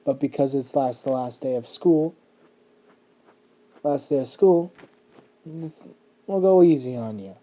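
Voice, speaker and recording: A man doing a loud, taunting teenage bully. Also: medium pitch, animated, a little fast, vocal fry. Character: loud bullying teenage boy, greedy and mean.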